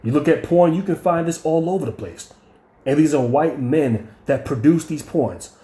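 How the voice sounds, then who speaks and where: A man delivers a profane, blunt storytelling rant, stumbling into repeated words when he gets heated. His voice sits a touch high yet sounds mellow and relaxed. The room around him rings with echo. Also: normal speed. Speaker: channel host.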